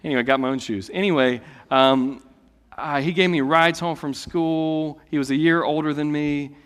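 A man in his late thirties, a pastor preaching a sermon in a conversational way that swings between loud declarations and hushed asides. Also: a little high, fairly even intonation, moderate pace, smooth. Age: late 30s. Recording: long hall reverb.

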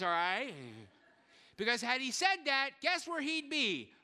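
Preacher guy, really high bright voice, bounces all over, big echoey hall. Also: unhurried, smooth. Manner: lively storytelling, acting out quotes, joking with the congregation. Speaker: pastor. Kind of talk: sermon.

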